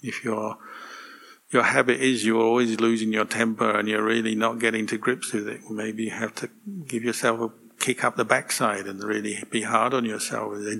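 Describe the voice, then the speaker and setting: A man, a monk, giving a relaxed, gently humorous dharma talk to a meditation group. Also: fairly low pitch, normal speed, creaky, a little hiss or hum.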